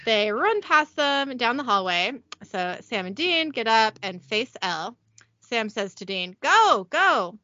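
Bright, lively young woman recapping. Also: a little high, no room sound, highs cut off. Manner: giggly, reads scene descriptions briskly. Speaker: podcast host recapping a TV episode. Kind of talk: casual episode recap read from notes.

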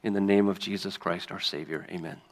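A man's voice: deep voice, steady tone, a little fast. Man reading scripture in a reverberant hall. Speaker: pastor.

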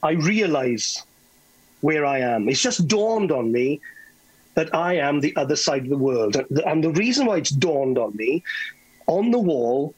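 Husky West Welsh man telling a story. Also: a little high, a little slow, poor audio. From Wales. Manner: animated, stammering restarts, chuckling. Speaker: guest telling stories. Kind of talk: anecdotal storytelling.

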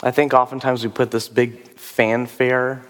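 Pastor with a rough voice in a reverberant hall. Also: male voice, medium pitch, level tone, unhurried, a bit bright. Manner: conversational, musing, with fillers and rhetorical questions. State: rough voice after a sore throat. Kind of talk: sermon with altar call. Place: church service.

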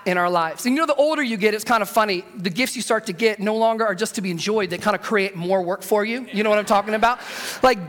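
A man's voice: sits high, quick pace, a bit bright. A man preaching a sermon as pastor, telling humorous stories energetically and leading the congregation in call-and-response. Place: church auditorium. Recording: long hall reverb.

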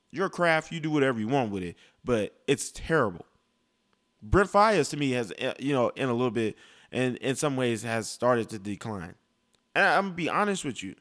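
A man's voice: medium pitch, fairly bright tone. A young man giving a casual, blunt and profane rant about music, rambling with restarts. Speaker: music commentator.

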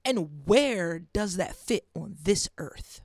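A woman hosting a faith podcast, preaching earnestly and dropping to a hush for emphasis. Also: on the low side, expressive, slow pace, dry recording, clean studio sound. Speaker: podcast host. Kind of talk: faith-based podcast monologue.

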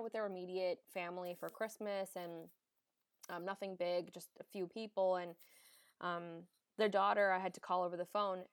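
A young woman, an emergency nurse hosting a podcast, talks in a frank, emphatic way and swears freely. Her voice sits at a middle pitch for a woman, and the recording is dry and close. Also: no room sound. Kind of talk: candid casual chat.

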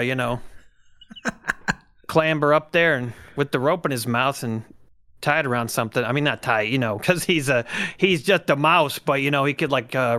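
A man's voice: medium pitch, bright, forceful tone, clean tone. A man playing a tabletop game, talking in character, hesitant and full of fillers. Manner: hesitant, full of "you know" and "uh". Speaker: player.

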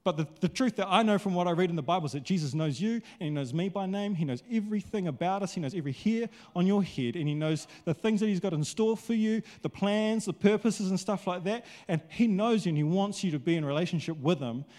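A male pastor preaching a sermon in a casual, conversational, animated way, acting out quotes. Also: high-pitched, fast, few pauses.

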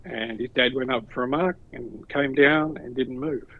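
Aussie bloke yarning about coaching, acts out the voices, kinda dull lo-fi sound. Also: male voice, medium pitch, normal speed. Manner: animated storyteller, acts out quoted voices. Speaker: former football coach. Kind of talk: casual storytelling chat.

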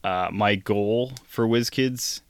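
A man co-hosting a casual podcast, answering questions with dry, deadpan humor. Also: lowish voice, slow pace, clean tone, no room sound. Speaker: podcast co-host. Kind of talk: casual chat.

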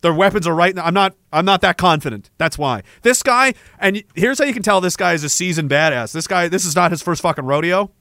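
A man from Canada hosting a casual livestream, telling stories in a profane, rambling, animated way. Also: sits high, fast talker, few pauses, no room sound, clean studio sound. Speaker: livestream host.

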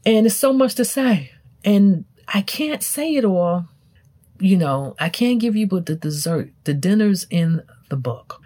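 Woman preaching self-help on her show, swings her pitch up and down. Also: lively intonation, unhurried, mellow. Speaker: self-help podcast host. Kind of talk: motivational talk.

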